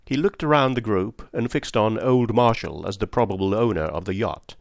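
A man narrating a comic story in the first person with a lively, expressive reading. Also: on the low side, normal speed, vocal fry, no echo, clean studio sound. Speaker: audiobook narrator.

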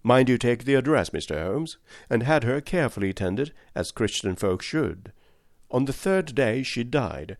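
A man reading aloud and voicing a blustering, mocking middle-aged male villain, pitched above his own voice. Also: very animated, moderate pace, no echo, studio quality. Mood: jeering. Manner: sneering and mocking.

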